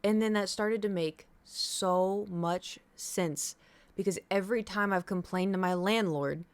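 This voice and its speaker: A woman streaming live, telling a rambling story to her chat in a casual, animated way. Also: medium pitch, unhurried, clear, resonant tone. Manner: chatty, rambling, animated retelling.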